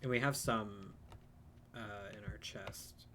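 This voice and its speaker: A man's voice: on the low side, takes it slowly, a bit bright, a little hiss or hum. Chatty man narrating his gameplay. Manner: chatty, rambling, self-deprecating. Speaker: game streamer. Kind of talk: casual let's-play commentary.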